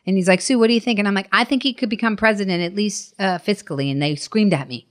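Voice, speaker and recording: A woman talks at a quick clip, jumping into acted-out quotes as she tells her stories. Her pitch sits in the middle for a woman. It is loose, casual chat between guests on a show. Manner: rapid, animated storytelling with acted-out quotes. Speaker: comedian guest.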